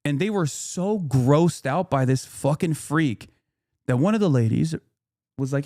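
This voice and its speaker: A man's voice: a little high, warm tone, no echo, studio quality. Angry profane man ranting to stream. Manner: angry, profane, fast retelling with quoted voices.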